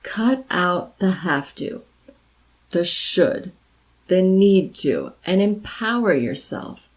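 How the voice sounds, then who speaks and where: Woman, middle-aged, lowish voice, encouraging advice vlog, chatty and repetitive. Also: big pitch swings, slow, rough recording. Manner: encouraging, conversational, repeats key phrases. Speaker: life coach vlogger. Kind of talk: direct-to-camera advice talk.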